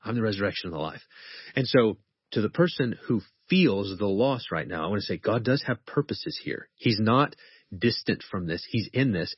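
Earnest male professor guest, low husky voice, reads scripture with deliberate weight; dry, dull recording. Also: dry recording. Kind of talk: conversational teaching on faith.

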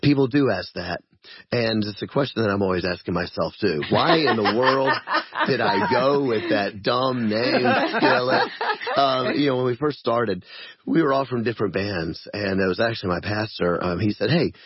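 A man's voice: fairly low pitch, moderate pace, a loud crowd. A man being interviewed as a guest on a radio show, answering in a self-deprecating way and laughing as he talks. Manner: self-deprecating, laughs often while talking. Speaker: guest musician. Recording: dull lo-fi radio studio sound.

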